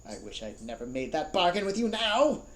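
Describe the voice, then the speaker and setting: A man voicing a frantic, complaining male fire demon in a storybook reading, roaring and shrill. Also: very animated, normal speed, a bit bright, reverberant. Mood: sulky.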